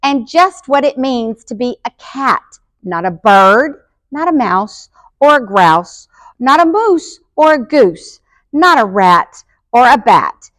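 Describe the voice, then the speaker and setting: Storybook mother cat, stern and lecturing; a woman voices her, raised pitch, dry close sound. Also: big pitch swings, slow pace, fairly bright tone, no echo, full character voice. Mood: scolding. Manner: bossy, lecturing.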